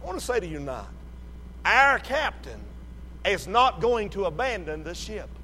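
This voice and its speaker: A man preaching a sermon with slow emphatic delivery, rising to shouts and dropping low. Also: very animated, big-room sound, a little hiss or hum.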